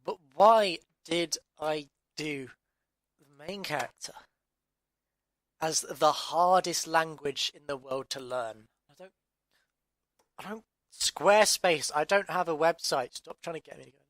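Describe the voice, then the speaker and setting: These audiobook narration outtakes feature an Englishman reading his own story at a measured pace. His voice is fairly high and a bit bright, and he constantly restarts, muttering exasperatedly to himself.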